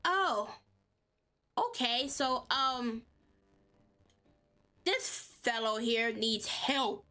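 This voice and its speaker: Chatty woman streamer, high-ish voice, blunt and profane, game music faint under her. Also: lively intonation, drawn-out words, long pauses, bright, forceful tone. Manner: exclamatory, swearing, chatty. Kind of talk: casual gaming stream commentary.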